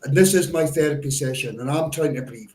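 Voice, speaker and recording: A man's voice: on the high side, a little fast, darkish tone, reverberant. A man ranting angrily as a football fan panelist, swearing constantly and sounding exasperated. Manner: furious, heavy swearing, exasperated. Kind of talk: angry football fan rant.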